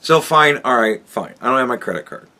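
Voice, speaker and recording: A man's voice: mid-range voice, expressive, a little fast, pushed and bright, slight background noise. A man hosting a podcast, telling a rambling, profane story in a casual monologue. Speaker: podcast host.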